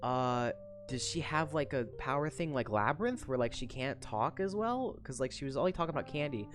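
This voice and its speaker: A woman's voice: very deep voice, lively intonation, brisk, music in the background. A woman voicing a careless, callous teenage boy who shrugs everything off. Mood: indifferent. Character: lazy careless teen boy, dim and callous.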